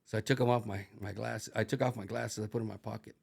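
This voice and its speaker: A middle-aged man, a retired corrections officer, telling profane, animated stories in casual conversation. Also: on the low side, fast talker, creaky, slightly rough. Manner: profane, animated, acts out voices in anecdotes. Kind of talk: casual storytelling.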